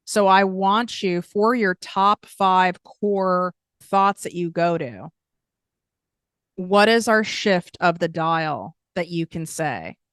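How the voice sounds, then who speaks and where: A woman's voice: lowish voice, animated, slow, a bit bright, clean tone, dry recording, studio quality. A woman in her thirties hosting a podcast, talking candidly in a casual monologue and swearing freely as she tells stories. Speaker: podcast host.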